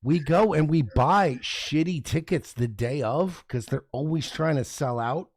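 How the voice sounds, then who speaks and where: A man's voice: a little high, measured pace, no room sound, clean studio sound. A man co-hosting a livestream, rambling and profane with mock indignation. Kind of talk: heated livestream banter.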